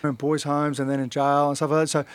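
A man's voice: on the high side, monotone, quick pace, no echo. A middle-aged man with an Australian accent telling his life story in a casual interview, blunt and swearing freely, acting out the voices he quotes. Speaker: podcast guest, fighter.

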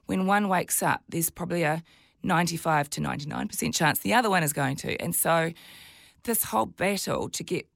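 A New Zealand woman in her forties, a guest on a talk show, telling her own story in an animated way and jumping up in pitch when she quotes herself. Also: a little fast, gravelly, no room sound, studio quality. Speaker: guest, TV presenter and mother of twins. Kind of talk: candid interview chat.

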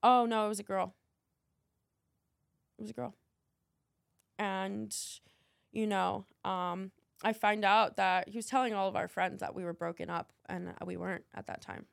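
A woman's voice: mid-range voice, fairly even intonation, unhurried, gravelly, pauses often, no echo, clean studio sound. A young woman talking candidly as a podcast guest, rambling with many fillers and swearing freely. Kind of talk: candid casual interview talk.

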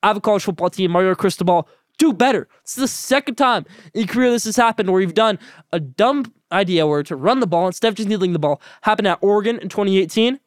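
Fast-talking, high-voiced male sports podcaster. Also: clear, resonant tone, no room sound, clean studio sound. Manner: blunt, opinionated rapid-fire picks. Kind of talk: solo sports podcast commentary.

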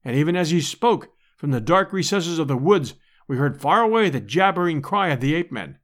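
Man narrating with a lively voice. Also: fairly high pitch. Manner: measured, expressive storytelling. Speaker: audiobook narrator. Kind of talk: audiobook narration.

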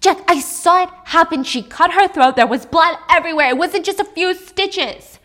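A woman's voice: sits high, expressive, a little slow, fairly bright tone. A woman voicing a frightened young wife who pleads to be believed, distraught and insistent. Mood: distraught pleading.

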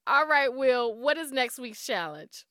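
A woman's voice: high-pitched, expressive, a little slow, a bit bright. A woman hosting a radio news program, reading scripted segments and chatting cheerfully during a word puzzle. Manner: upbeat, laughing easily. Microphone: studio microphone.

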